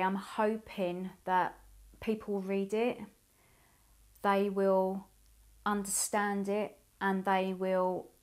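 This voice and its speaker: A woman in her forties speaking as a survivor, giving a halting, emotional personal testimony with many pauses. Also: medium pitch. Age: 40s. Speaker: abuse survivor sharing her story.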